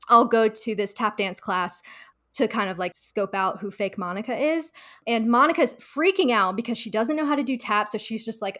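A woman in casual podcast chat, retelling a TV episode with lots of fillers and acting out the quoted lines. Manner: chatty, lots of "like", acts out quoted lines in higher voices. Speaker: podcast co-host giving advice.

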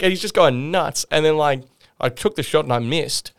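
A man's voice: a little high, moderate pace, creaky, clear, resonant tone. Laughing Australian man telling a story. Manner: animated, laughing, acts out other people. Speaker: podcast guest. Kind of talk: casual storytelling.

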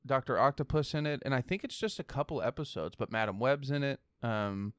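A man co-hosting a casual podcast chat, excitable and rambling, swearing freely as he goes. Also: medium pitch, brisk, clean tone, dry recording, studio quality. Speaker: podcast co-host. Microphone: headphones with mic.

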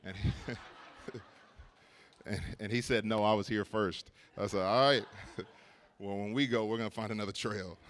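A man's voice: on the low side, fairly even intonation, measured pace, pauses often, slight background noise. A man preaching at a church service, telling a personal story in a casual way, laughing often and repeating words as he goes.

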